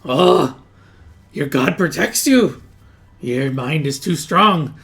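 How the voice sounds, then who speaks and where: A man voicing a manic male goblin prisoner who pleads frantically in a shrill, high voice. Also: lively intonation, slow, gravelly, a bit bright, full character voice. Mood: fervent.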